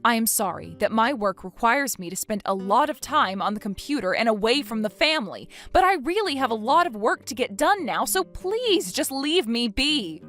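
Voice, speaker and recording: A woman's voice: on the high side, sing-song, moderate pace, few pauses, faint music behind. A woman voicing a fed-up young wife who works from home, snapping back in exasperation, in a text-story dramatization. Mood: exasperated. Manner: exasperated, angry, sharp retorts.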